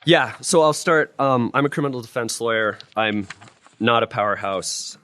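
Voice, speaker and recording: A man's voice: mid-range voice, normal speed, bright, forceful tone, no echo. A man, a criminal defense lawyer, talking casually and with self-deprecating humor on a live panel in front of law students. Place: law school lecture room with student audience.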